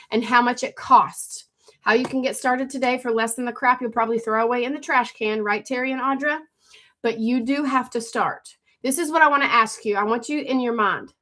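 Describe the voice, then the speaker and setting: A woman hosting a phone live stream, pitching her courses fast and urgently, repeating herself and calling out viewers by name. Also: sharp tone. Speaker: livestream host selling online courses.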